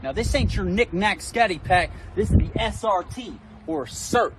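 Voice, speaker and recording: A man giving a loud, boastful, over-the-top car commercial pitch. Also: expressive, normal speed, noisy background. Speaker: car salesman in an ad.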